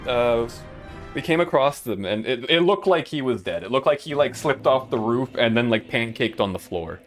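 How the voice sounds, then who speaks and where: A man's voice: mid-range voice, lively intonation, moderate pace, fairly bright tone, faint music behind. Rambling man telling stories while gaming. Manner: rambling, laughs often, lots of "like". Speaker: streamer. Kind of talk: casual storytelling while gaming.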